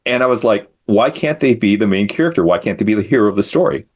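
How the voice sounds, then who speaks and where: A man's voice: lowish voice, lively intonation, quick pace. A middle-aged man, a comic creator, talking casually as a guest in an interview, thoughtful and self-deprecating as he explains his work.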